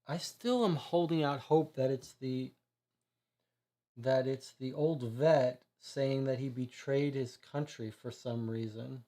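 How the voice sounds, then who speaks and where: A man's voice: medium pitch, steady tone, slow, mellow. A man streaming a detective board game, thinking aloud hesitantly and reading the case text. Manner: musing, hesitant, questioning.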